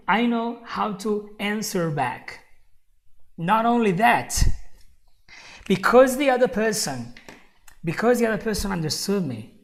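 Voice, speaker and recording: A woman giving a live online English lesson, who repeats her key points, chuckles often and calls the viewer "my friend". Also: medium pitch. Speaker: English teacher.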